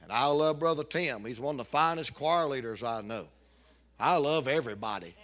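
A male preacher, delivering a revival sermon with emphatic, drawn-out repetition and joking asides. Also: mid-range voice, animated, a bit bright.

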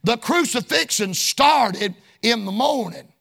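A male preacher delivering a sermon in a sing-song cadence, often shouting, with folksy colloquial phrasing. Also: extremely high pitch, lively intonation, slow pace, creaky, breathy edge.

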